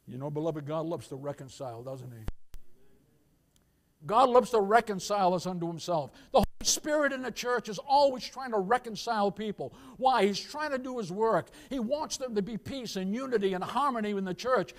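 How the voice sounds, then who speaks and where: With a high, expressive voice at normal speed, a male pastor gives an emphatic church sermon. He addresses the congregation directly, swinging from loud emphasis to quiet asides.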